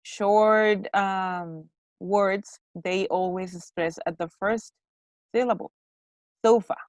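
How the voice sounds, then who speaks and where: A woman from Mexico teaching English, giving a class feedback on their pronunciation and repeating words slowly to model them. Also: mid-range voice, fairly even intonation, dry recording.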